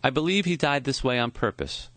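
A man quietly narrating a memoir audiobook in a measured, reflective way. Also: mid-range voice, lively intonation, dry recording.

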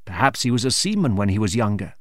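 A man clearly narrating a simple storybook for learners. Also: on the low side, very animated, fast talker, dry recording, clean studio sound.

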